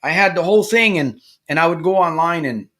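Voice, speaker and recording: A middle-aged man speaks to a live audience as a coach, his voice pitched a little high and sharply bright. He tells stories in an animated way and acts out the characters in them. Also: brisk. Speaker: problem gambling coach. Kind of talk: live-stream motivational talk.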